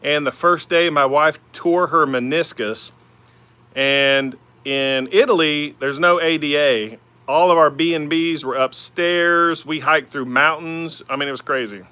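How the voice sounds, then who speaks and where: Bright-voiced Oklahoma man chatting casually. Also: on the high side, unhurried, clear, resonant tone, no room sound. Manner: easygoing, rambling, lots of "man" and "uh". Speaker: woodturning livestream host. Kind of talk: casual livestream chat answering viewer comments. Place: home woodworking shop by the lathe.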